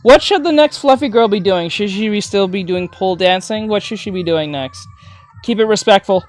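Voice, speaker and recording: A woman art teacher chatting casually on a livestream while drawing, gushing with thanks and breaking into excited shouts. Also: mid-range voice, normal speed. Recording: faint music behind.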